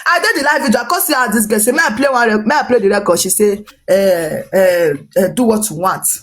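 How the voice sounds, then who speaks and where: A social media personality with a Nigerian Pidgin English accent gossips about a dispute in a long, rambling account delivered very fast, circling back over the same points. She animatedly acts out bits of what others said along the way. Her voice sits at a middling pitch for a woman.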